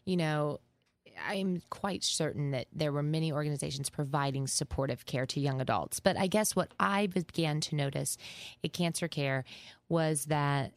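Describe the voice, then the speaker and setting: A woman social worker speaking as a guest, measured and thoughtful as she explains her work. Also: deep voice, a little mellow, no room sound. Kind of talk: reflective interview talk.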